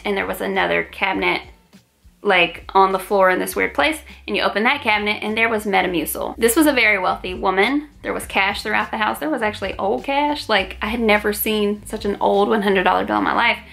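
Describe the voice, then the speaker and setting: A woman vlogger telling a story in an animated, chatty and dramatic way. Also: mid-range voice, gravelly. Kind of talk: storytime vlog.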